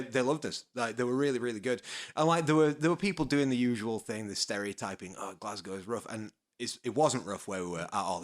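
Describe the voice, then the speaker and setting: A man with a Yorkshire accent, a podcast guest telling relaxed, laughing stories in casual chat. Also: fairly low pitch. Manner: laid-back storyteller, laughs often, swears.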